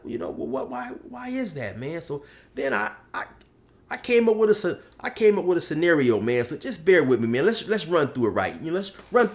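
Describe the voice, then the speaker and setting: A man telling a comic story in casual street slang, saying man a lot. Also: fairly high pitch. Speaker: storyteller, channel host.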